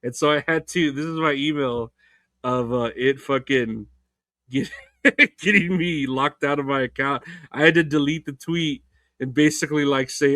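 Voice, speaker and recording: A man's voice: mid-range voice, moderate pace, fairly bright tone, no room sound. Profane rambling man hosting a solo podcast. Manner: rambling, profane, loose and unfiltered. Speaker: podcast host. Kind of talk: casual solo podcast chat.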